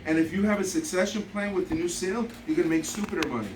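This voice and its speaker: A man speaking as a seminar presenter, calling up volunteers and explaining with emphatic, energetic banter. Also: sits high, quick pace. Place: seminar room with audience. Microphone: distant from the mic. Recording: distant noisy room recording.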